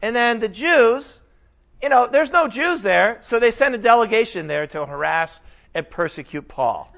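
A man teaching a Bible lesson in a casual, animated sermon style, often asking his listeners questions. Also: very high-pitched, normal speed, gravelly, highs cut off. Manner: animated, conversational, asks the audience questions.

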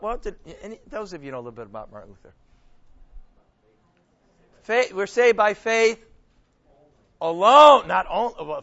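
Animated high-voiced male preacher. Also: creaky. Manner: animated, questioning the audience, frequent restarts. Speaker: preacher leading a Bible study. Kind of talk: sermon teaching to a group. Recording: dull lo-fi recording.

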